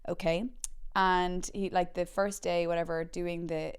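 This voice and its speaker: Young Irish woman, comedy podcast host, animated storyteller, smooth and clear. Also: measured pace. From Ireland. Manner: chatty, animated, acts out quotes with big pitch jumps. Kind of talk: comic storytelling.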